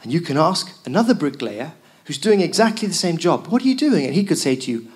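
A man's voice: a little high, big pitch swings, fairly quick. A man preaching a sermon as pastor, telling the story with emphatic repeated lines.

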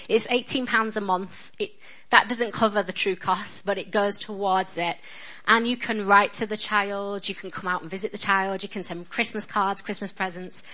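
A woman with a strong Northern English accent preaches in a chatty, earnest way, poking fun at herself as she goes. Her voice is bright and forward, sitting at an ordinary pitch for a woman. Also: steady tone, moderate pace, rough recording. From England. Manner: chatty, self-deprecating and earnest. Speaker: guest speaker at a church. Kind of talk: sermon.

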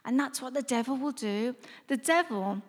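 A woman's voice: sits high, lively intonation, normal speed, husky. A middle-aged woman giving an earnest, conversational faith testimony, often restarting her sentences. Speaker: speaker sharing a faith testimony. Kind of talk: personal testimony. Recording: long reverb, as in a hall.

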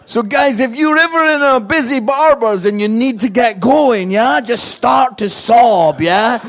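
A man, a guest preacher telling a humorous family story, animated and acting out voices, laughing often. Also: very high-pitched, a little slow.

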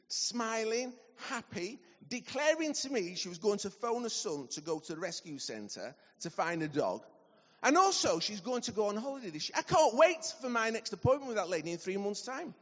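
Guy preaching, high voice swinging all over, long hall echo. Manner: animated storytelling, acting out dialogue. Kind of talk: sermon. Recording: dull recording in a large reverberant hall.

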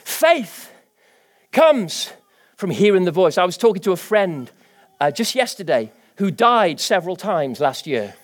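High-pitched, animated preacher. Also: male voice, measured pace. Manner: animated, rising to emphatic declarations. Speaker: pastor. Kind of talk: sermon.

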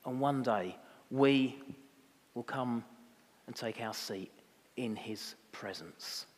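A man preaching a sermon as pastor, rising to impassioned emphasis and dropping to quiet reflection. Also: medium pitch, slow pace. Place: church. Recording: long reverb of a church hall.

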